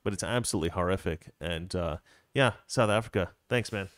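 A man's voice: low voice, brisk, a little hiss or hum. A man hosting a political live stream, talking casually and rambling with frequent restarts.

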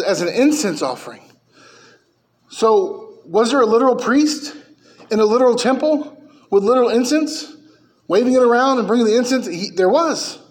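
High-voiced man preaching emphatically. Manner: emphatic preaching, rising and falling in pitch and volume. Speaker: pastor. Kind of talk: sermon.

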